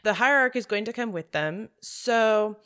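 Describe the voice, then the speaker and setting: Woman, podcast co-host, relaxed recap, casual chat. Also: medium pitch, unhurried.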